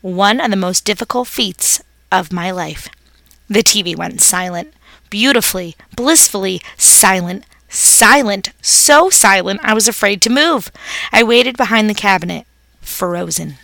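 A woman's voice: medium pitch, animated, measured pace, gravelly, pushed and bright, no room sound. A woman reading a children's story aloud, narrating expressively as a pet hamster.

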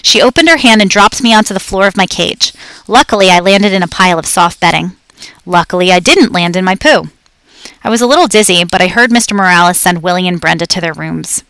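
A woman narrating a children's story aloud in a clear, lively storytelling manner. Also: lowish voice, a little fast, dry recording. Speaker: audiobook reader.

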